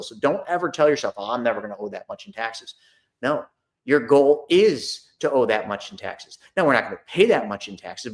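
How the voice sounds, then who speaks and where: Chatty middle-aged man talking money. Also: mid-range voice. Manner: conversational, repeats himself, acts out phone calls. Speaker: host of a money and investing talk. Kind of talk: casual live talk to an online audience.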